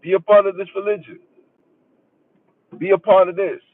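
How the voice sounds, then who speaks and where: A man's voice: high voice, flat delivery, moderate pace, no room sound. A man hosting a podcast live stream, arguing in an emphatic, preachy way and hammering home repeated phrases. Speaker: podcast host. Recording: tinny phone-like sound from far off.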